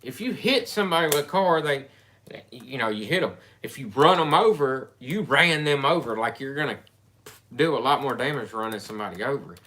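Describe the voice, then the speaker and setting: A man with a bright, forward voice tells a story in a casual conversation. He rambles and restarts often, circling back on his words as he goes. His pitch sits in an ordinary middle range. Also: animated. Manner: rambling, halting, with many restarts. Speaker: storyteller in a couple's chat.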